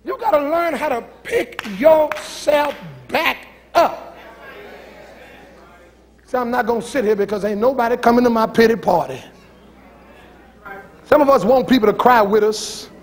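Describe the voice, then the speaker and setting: A middle-aged pastor preaching a sermon in a church, folksy and fiery, shouting one moment and dropping low and teasing the next. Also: male voice, lively intonation, measured pace, long pauses. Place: church sanctuary.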